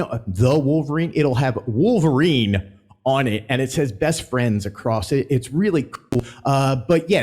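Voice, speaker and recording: A man's voice: mid-range voice, darkish tone. A man hosting a casual theme park news vlog, chatty and rambling, stumbling as he reads announcements aloud.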